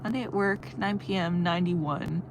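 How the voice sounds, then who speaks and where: A woman's voice: fairly low pitch, normal speed, slight background noise. Chatty young woman yapping on a road trip. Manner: chatty storyteller, laughs often, addresses chat. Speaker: livestreamer reading chat. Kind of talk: casual chat.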